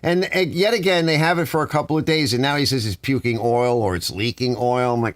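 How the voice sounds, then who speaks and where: A man's voice: medium pitch, animated, brisk, no room sound. A man hosting a live stream, chatting casually and reading viewer comments aloud in a rambling way. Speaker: channel host reading live chat.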